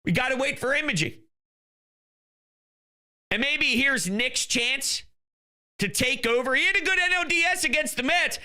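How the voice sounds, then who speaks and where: A young man hosting a sports talk show, ranting heatedly with bursts of shouting. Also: high-pitched, creaky.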